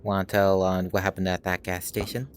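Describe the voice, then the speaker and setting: Man, low voice, casual co-host, eager, keeps prompting the teller. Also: flat delivery, brisk, clear, resonant tone. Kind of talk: casual chat.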